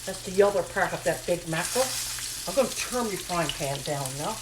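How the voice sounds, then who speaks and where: A woman chatting casually as she cooks in her home kitchen, repeating her phrases and talking to herself in a slightly hushed voice. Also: animated, moderate pace, background noise. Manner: talking a little low and hushed. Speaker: home cooking vlogger. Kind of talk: casual cooking chat to camera. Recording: home kitchen recording, audible pan sizzle. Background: frying pan sizzling.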